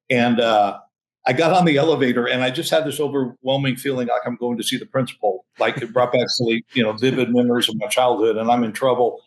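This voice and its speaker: A man in his sixties, a senior pastor, telling a story in an interview, animated, chuckling and restarting often. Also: medium pitch, low-quality recording.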